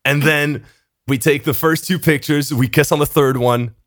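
A young man, a podcast co-host, telling an animated story in casual chat, swearing often and laughing between lines. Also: on the high side, moderate pace, no room sound, studio quality.

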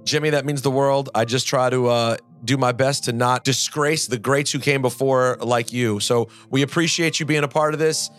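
A man hosting a podcast interview, relaxed and appreciative toward his guest. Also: mid-range voice, normal speed, hardly any pauses, soft background music. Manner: relaxed, appreciative, laughs along. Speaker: podcast host. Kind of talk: casual interview.

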